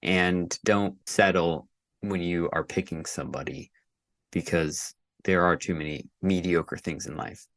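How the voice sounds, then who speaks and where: A man's voice: low-pitched, fairly even intonation, a little slow, a bit bright. A man co-hosting a podcast, giving earnest relationship advice in casual chat. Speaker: podcast co-host.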